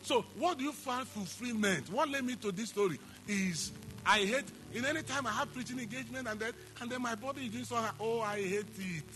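A man's voice: very high voice, a little fast, pushed and bright, faint music behind. A man preaching a sermon, emphatic, repeating phrases and asking the congregation questions. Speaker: pastor.

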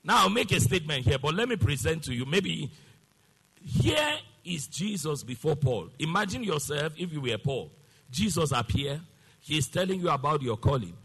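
Raspy preacher in a ringing hall. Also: male voice, fairly high pitch, very animated, normal speed, a bit bright. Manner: emphatic call-and-response, half-sung exclamations. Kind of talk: sermon.

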